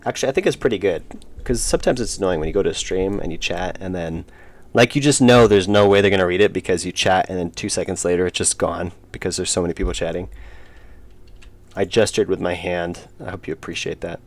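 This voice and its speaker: A man's voice: low-pitched, fast talker. A young man streaming his indie game work, rambling casually and reading chat aloud with self-deprecating jokes. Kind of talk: casual live-stream chat while working.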